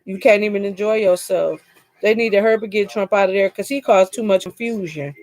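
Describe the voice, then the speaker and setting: A woman's voice: mid-range voice, a little fast, a little mellow, dry recording. A middle-aged woman chatting casually with viewers during a live stream, telling a long personal story in a talkative, colloquial way.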